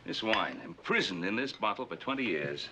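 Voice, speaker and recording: A man's voice: lowish voice, big pitch swings, normal speed, heavy background noise. An actor playing a stern older rancher and father of grown sons, speaking earnestly in a 1960s television western.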